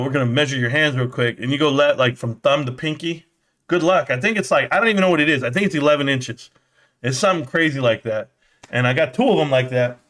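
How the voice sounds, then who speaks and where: Man, middle-aged, live stream host, joking trash talk, winded, slightly high voice. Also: a bit bright. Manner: brash, joking, trash-talking. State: out of breath. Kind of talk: casual live stream chat.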